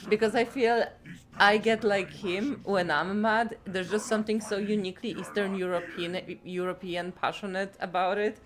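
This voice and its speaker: A woman's voice: medium pitch, fairly even intonation, moderate pace, crowd noise. A woman streamer giving casual reaction commentary, emphatic and laughing often.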